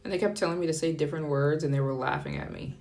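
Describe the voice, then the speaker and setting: A woman chatting casually on a live stream, upbeat and playful with quick asides. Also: sits low, gravelly, darkish tone. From United States. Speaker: travel vlogger. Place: France.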